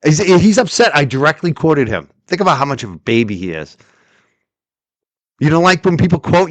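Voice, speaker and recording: A male stream host mocks and rants in a sarcastic running commentary. His voice sits a bit high for a man and sounds dry and close, with no room around it. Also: very animated, normal speed, dry recording. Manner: sarcastic, mocking, ranting. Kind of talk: livestream commentary.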